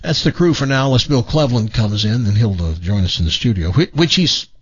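A man hosting a radio show in the studio, telling stories in a rambling, animated way with lots of restarts. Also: mid-range voice, fast talker, husky, muffled recording. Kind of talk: casual morning show banter.

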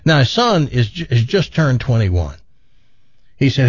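A man hosting a radio show, telling a long joke in a drawn-out storytelling way. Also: mid-range voice, very animated, no room sound. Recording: slightly dull radio audio, dry.

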